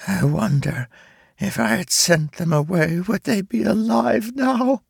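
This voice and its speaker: A man's voice: lowish voice, takes it slowly, vocal fry, a bit bright, husky, dry recording, studio quality, voice pushed up, exaggerated voice. A man doing a hissing giant mother spider. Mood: wavering. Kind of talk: audiobook character voice.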